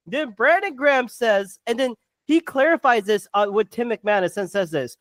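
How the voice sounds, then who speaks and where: A podcast co-host delivering a heated sports rant, swearing and tripping over restarts while talking fast. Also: sits high, a bit bright, no echo.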